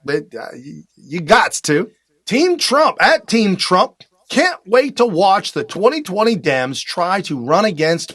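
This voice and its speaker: An energetic man from the United States hosting a talk show, giving emphatic political commentary with repeated phrases and frequent filler uhs. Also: sits high, dry recording, studio quality.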